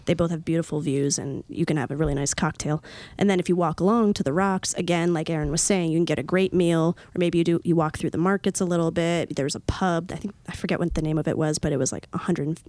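A woman travel editor chatting casually and recommending places in a relaxed way. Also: low voice, fast talker, few pauses, no room sound. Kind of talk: casual podcast chat.

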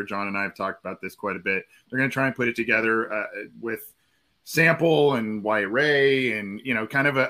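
Bright-voiced man giving analytical football takes. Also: medium pitch. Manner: measured, analytical breakdowns. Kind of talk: casual sports podcast chat.

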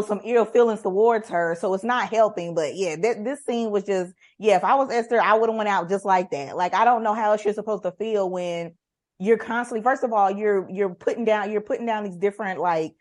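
A woman's voice: mid-range voice, brisk. A woman with a mid-range voice gives her views in casual chat. She talks emphatically and often acts out what others might say. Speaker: podcast co-host.

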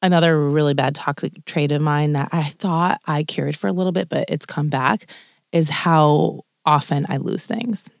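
A woman's voice: sits low, moderate pace, gravelly, dry recording, studio quality. A young woman co-hosting a podcast, chatting casually and animatedly, swearing freely. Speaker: podcast co-host. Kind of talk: casual chat.

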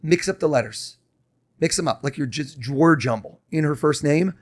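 A man who is a mentalist guest on a podcast, running a mind-reading trick with quick, insistent showman patter. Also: fairly high pitch.

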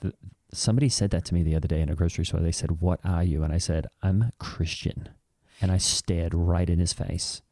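A man plays a touchy megachurch dad with a Kiwi or Aussie accent, earnest and aggrieved, rambling through his complaints with restarts. His voice is very low and mellow. It sounds close and dry, with no room around it. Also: fairly even intonation, brisk, no room sound. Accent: New Zealand or Australian. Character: touchy devout megachurch dad, easily offended. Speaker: podcast co-host. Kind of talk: improvised satirical character comedy.

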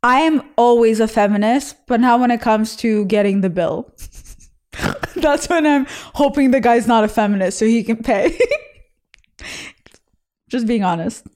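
A young woman from Israel hosts a casual chat, reacting to listener stories with frank, bawdy humour. Her voice sits a little high, and she talks in an animated way with quick laughs. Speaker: host reading listener stories.

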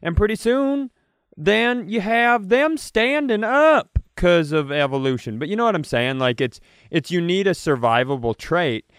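A man's voice: high voice, animated, measured pace, a bit bright, clean tone, dry recording, clean studio sound. A man co-hosting a podcast, teasing his partner in casual chat and rambling off into tangents. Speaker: podcast co-host.

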